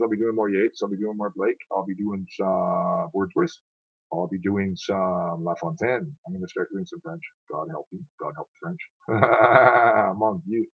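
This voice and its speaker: Tired gravelly man reading and rambling. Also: fairly low pitch, no room sound. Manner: rambling, trails off and corrects himself. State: tired, stumbling over words. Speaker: poetry reader. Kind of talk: reading poems aloud, then rambling monologue. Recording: dull lo-fi sound, dry.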